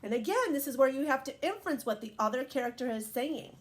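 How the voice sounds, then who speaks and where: A woman's voice: high voice, quick pace, a little hiss or hum. A woman reading a picture book aloud to young children, asking them questions as she goes. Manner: warm, animated, questions to young listeners.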